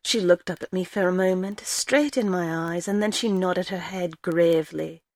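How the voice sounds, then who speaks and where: A woman reading a first-person story aloud in a measured storytelling way. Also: on the low side, a little mellow, dry recording. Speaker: story reader.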